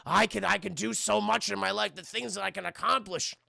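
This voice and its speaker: A man's voice: sits high, animated, brisk, gravelly, no echo, studio quality, pitched above the performer's own voice, heavily acted. A man voicing a dying old rich man who desperately begs to take another's youth. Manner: pleading, grabby, shouting.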